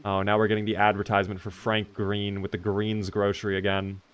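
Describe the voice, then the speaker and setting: A man's voice: lowish voice, monotone, a little fast. A man chatting casually with his live-stream chat while playing a video game, reading out and answering viewers and swearing now and then.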